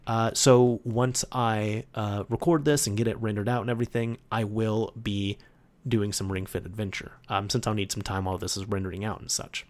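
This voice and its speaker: A man's voice: on the low side, fairly even intonation, moderate pace. A man hosting a solo podcast, chatting casually and rambling with frequent laughs. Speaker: podcast host.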